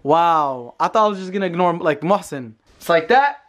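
A man's voice: fairly high pitch, lively intonation, normal speed, fairly bright tone. A young man in his twenties, playfully teasing kids while filming a casual prank vlog. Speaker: vlogger.

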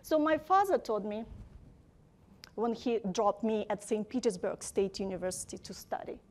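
A woman giving an academic lecture, speaking deliberately and emphatically, often posing rhetorical questions. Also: medium pitch, lively intonation, a little mellow.

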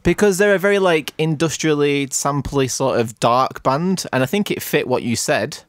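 A man's voice: on the high side, moderate pace, dry recording, studio quality. A man hosting a podcast, chatting in a playful, jokey way. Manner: playful, jokey, self-mocking. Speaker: podcast host. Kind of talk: casual chat.

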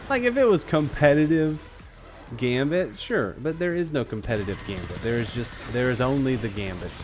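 A man giving live commentary while playing an online shooter, excitable and joking, trash-talking his opponents. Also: medium pitch, normal speed. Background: faint background music.

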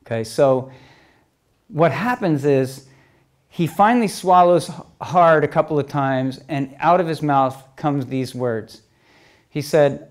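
A man's voice: on the high side, takes it slowly. Man telling stories, checking in often. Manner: keeps checking in with "okay?" and "you know?"; re-enacts exchanges as quoted dialogue. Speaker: speaker telling stories to an audience. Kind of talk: conversational storytelling talk.

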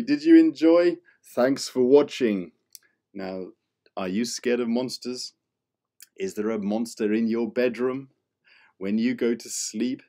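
A man's voice: mid-range voice, darkish tone. A man who is an English teacher reading a story to children in a playful, exaggerated way.

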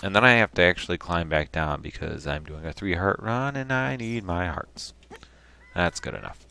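A man hosting a video game playthrough at home, chatting casually with sudden excited yelps. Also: sits low, normal speed, gravelly, clean tone. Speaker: host.

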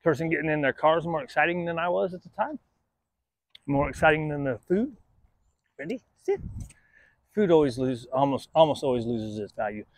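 A man training his dog, praising it in high sing-song bursts and then dropping to quiet explanatory asides. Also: lively intonation, a little fast, long pauses, dry recording.

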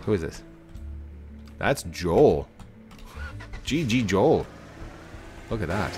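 A man giving chatty live commentary while playing an online game, talking to other players and getting excited when he finds someone. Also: lowish voice. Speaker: gaming YouTuber.

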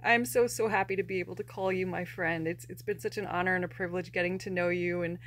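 A woman hosting a casual unboxing vlog, gushing and emotional, often breaking into soft laughter. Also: on the low side, fairly even intonation, fast talker, slight background noise. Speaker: plush collector vlogger.

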